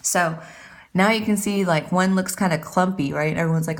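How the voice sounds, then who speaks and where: Chatty, rambling woman with a lowish voice. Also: normal speed. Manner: chatty, rambling, self-deprecating. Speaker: beauty vlogger. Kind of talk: casual makeup tutorial chat.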